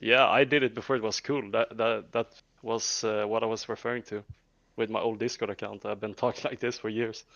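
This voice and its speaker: A man with a Swedish accent talking in a casual voice-chat debate, halting and repeating words in a low-key way. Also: little pitch movement, gravelly, a bit bright, dry recording. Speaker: debate participant. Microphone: headset or desk mic on voice chat. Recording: dull dry voice-chat audio.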